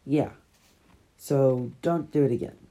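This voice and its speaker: A stern teenage boy in a storybook, voiced by a woman reading aloud, laying down the rules in a firm, scolding way. The voice is very low, dark and husky. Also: slow pace, exaggerated voice, low-quality recording.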